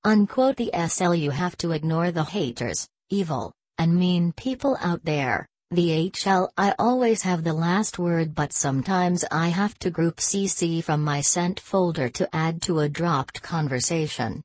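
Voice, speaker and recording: A woman reading a written text aloud in a deadpan way, speaking the punctuation marks as words. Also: fairly low pitch, unhurried, hardly any pauses, no echo.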